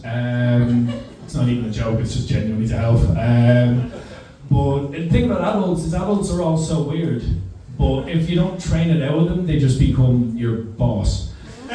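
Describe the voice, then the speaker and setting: With a warm, mid-range voice caught on a distant mic, a young stand-up delivers a wry, self-deprecating act and swears freely. The comedy club recording is roomy, with slight background noise and crowd laughter.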